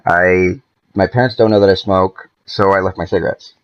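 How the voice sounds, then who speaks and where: A man's voice: deep voice, fairly even intonation, moderate pace, dull audio. A young man from California telling a long story casually on a podcast, swearing freely and acting out the people he quotes. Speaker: podcast guest.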